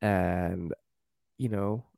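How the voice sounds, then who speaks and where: A man's voice: sits low, extremely slow, creaky. A man chatting casually about a TV series, retelling scenes and acting out lines. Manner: animated, acts out quotes from scenes. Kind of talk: casual chat about a TV show.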